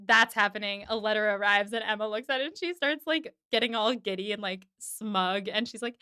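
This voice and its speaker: Bright, clear-voiced woman recapping. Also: medium pitch, no echo, clean studio sound. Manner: animated storytelling with quick voiced asides. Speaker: podcast host. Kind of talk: casual episode recap.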